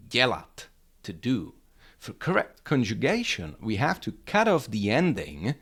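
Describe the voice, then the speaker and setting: A man teaching a grammar lesson, explaining upbeat and clearly, step by step. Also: lowish voice. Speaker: language teacher.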